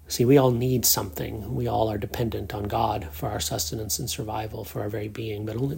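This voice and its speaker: A man's voice: medium pitch, creaky, darkish tone, breathy edge. A man preaching a sermon in an earnest manner, repeating phrases for emphasis.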